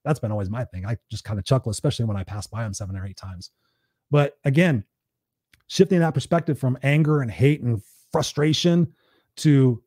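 Guy doing a motivational live stream, blunt and sweary, warm mellow tone, pretty dry sound. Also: mid-range voice, fairly quick, dry recording. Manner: blunt, swears freely, preachy and conversational.

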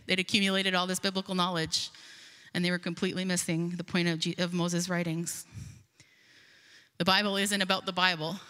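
A woman's voice: fairly low pitch, pushed and bright. A woman preaching a sermon, earnest and emphatic, reading scripture aloud and explaining it. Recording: long hall reverb.

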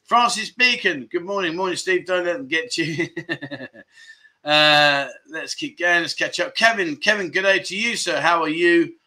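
Man, livestream host, casual chat, cheerful greetings, bright ringing voice. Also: a little high, measured pace. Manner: cheerful, greets viewers one by one, chuckles often.

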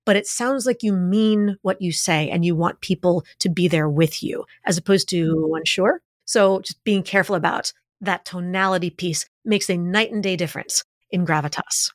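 Dry, lively-voiced woman expert guest. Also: on the low side, moderate pace, few pauses, no room sound. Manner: energetic, explanatory, acts out examples. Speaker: guest expert on leadership communication. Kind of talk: podcast interview.

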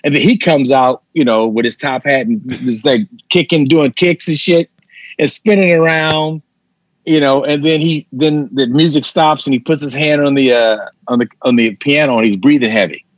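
Guy chatting about old school comedy, animated, cusses a lot, dry close sound. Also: medium pitch, normal speed, no echo, rough recording. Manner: animated storyteller, swears casually, acts out quotes. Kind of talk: casual chat.

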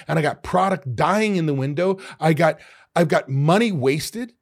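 On his solo podcast, a middle-aged man recounts restaurant owners' complaints with animated exasperation and some mild cursing. His voice is slightly high, gravelly, and brisk.

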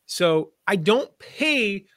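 Guesting as an affiliate marketing expert on a conversational podcast interview, this man speaks in a high-pitched, fairly bright voice with big pitch swings and drawn-out words. He explains his ideas chattily through stories, dropping into playful put-on voices, in studio-quality sound without echo.

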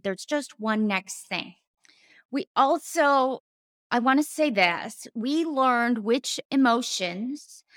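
A woman's voice: a little high, a bit bright, no room sound. A woman coach and former therapist giving a casual teaching talk, earnest, with emphatic repetitions and casual slang.

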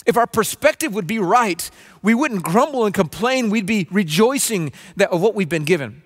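Pastor guy preaching earnest, kinda high voice, big echoey church sound. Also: animated, normal speed. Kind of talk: sermon. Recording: long reverb of a large room.

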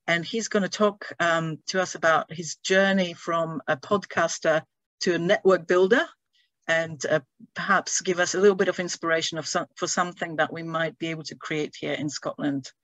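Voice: medium pitch, steady tone, moderate pace, a bit bright, dry recording. A host opening an online event, with hesitant speech full of ums. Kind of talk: event introduction on a video call. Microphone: video call.

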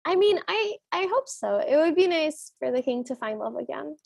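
A woman's voice: high voice, sing-song, moderate pace, creaky, darkish tone, no room sound. A woman co-hosting a podcast, casually recapping a film in a chatty, giggly way and acting out the scenes as she goes. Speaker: podcast co-host.

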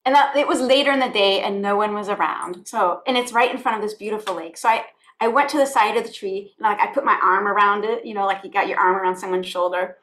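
A spiritual life coach from the United States appears as a guest on a conversational podcast, speaking fast in a somewhat bright, mid-range voice. She talks earnestly and from the heart, often repeating phrases.

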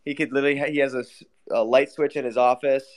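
A man's voice: mid-range voice, fairly even intonation, fast talker. A man in a casual online voice chat who talks bluntly, swears often and argues his point. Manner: blunt, swears a lot, argumentative. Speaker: panelist on a crypto talk space.

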